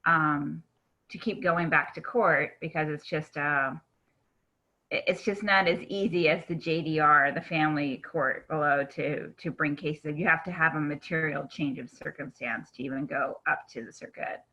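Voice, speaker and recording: Low-voiced woman from virginia on a call, sharp tone, muffled lo-fi audio. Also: fairly even intonation, moderate pace. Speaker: guest. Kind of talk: video call interview.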